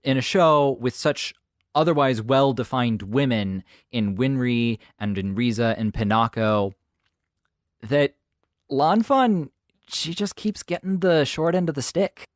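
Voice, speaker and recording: A man co-hosting a casual review podcast, talking in a playful, animated way. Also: medium pitch, measured pace, no room sound, studio quality. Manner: animated, playful, slips into mock voices. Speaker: podcast co-host. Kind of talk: casual anime review chat.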